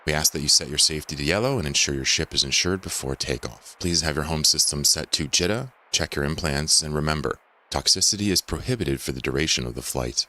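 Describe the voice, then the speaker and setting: A man doing a very deep airline captain. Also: fast, hardly any pauses, sharp tone. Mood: formal. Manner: formal, polished announcer delivery. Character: smooth adult male airline captain making announcements. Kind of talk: mock in-flight announcement.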